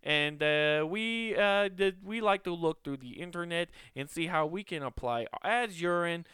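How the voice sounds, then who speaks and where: A man's voice: a little high, unhurried, sharp tone, clean tone, no room sound, studio quality, voice pushed up. A man putting on a mock-promotional voice as an eager male corporate spokesman. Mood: mock promo.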